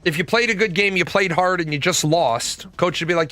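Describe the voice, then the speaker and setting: A man in his forties talks on a live stream in a loose, profane rant, full of stories. His voice sits high and bright, and faint music plays behind him. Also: fairly quick. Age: 40s. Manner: profane, animated storytelling. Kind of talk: ranting casual talk.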